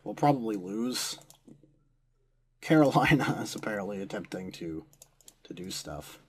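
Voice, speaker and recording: A man's voice: fairly low pitch, animated, measured pace, a crowd in the background. A young American man commenting on a strategy war game he is playing, sarcastic and given to swearing at the computer opponents. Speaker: gameplay commentator.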